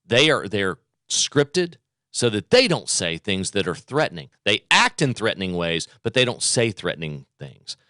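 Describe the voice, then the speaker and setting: Emphatic talk radio host, lively pitch. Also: male voice, moderate pace, no echo, clean studio sound. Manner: emphatic, repeats phrases for effect. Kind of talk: political talk radio monologue.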